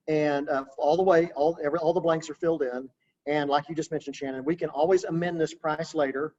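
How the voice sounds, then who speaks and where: Casual real estate trainer on a webinar. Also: male voice, on the high side, fairly even intonation, fairly quick, darkish tone, lo-fi sound. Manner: casual, conversational, practical coaching. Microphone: video call.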